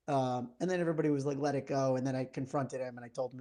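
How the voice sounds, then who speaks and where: A man in his thirties co-hosting a podcast in casual chat, telling a story in a lively way and acting out the lines of the people in it. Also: fairly high pitch, fast talker, few pauses. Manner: animated storyteller acting out quoted exchanges. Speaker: podcast co-host.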